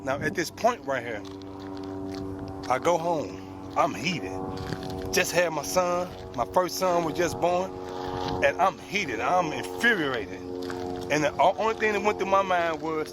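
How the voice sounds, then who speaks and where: A man's voice: fairly high pitch, lively intonation, measured pace, long pauses, over music. Man telling a story, slangy and heartfelt. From United States. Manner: plain spoken, with street slang. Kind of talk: personal story told to an audience.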